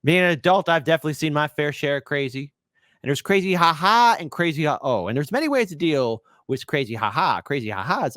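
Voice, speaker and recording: Brief: sarcastic political livestream host, man, very animated pitch, dry close sound. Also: brisk, no room sound. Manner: sarcastic, ranting, mocking; swings from shouting to hushed mock-whisper.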